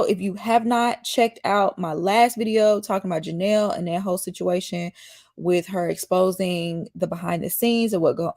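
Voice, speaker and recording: A woman's voice: medium pitch, gravelly, darkish tone. Chatty woman with a slight Southern twang. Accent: slight Southern US country accent. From Mississippi, US. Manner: chatty, rambling, reads viewer comments aloud and answers them. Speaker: YouTube host reacting to a dating show. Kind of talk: casual live-stream commentary.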